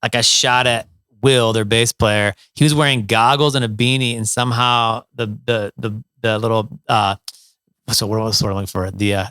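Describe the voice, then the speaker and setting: A man's voice: mid-range voice, fairly even intonation, normal speed, sharp tone, smooth, no room sound, studio quality. A middle-aged man from Ohio, a musician, telling stories in a casual interview, with many fillers and restarts. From Toledo, Ohio, USA. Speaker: guest, musician.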